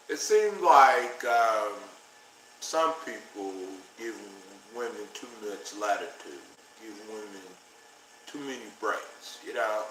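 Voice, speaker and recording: Male livestream host, unhurried delivery, bright tone, roomy sound. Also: medium pitch. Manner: slow, earnest, talks to viewers directly. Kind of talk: casual livestream monologue. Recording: roomy with faint noise.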